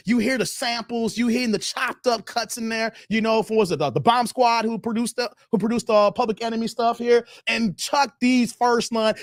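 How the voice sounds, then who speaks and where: Livestream host, forties, high voice, dry close sound, laughing and teasing as he reads chats. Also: dry recording. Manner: laughing, teasing, breaks into singing old songs. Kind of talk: casual livestream chat.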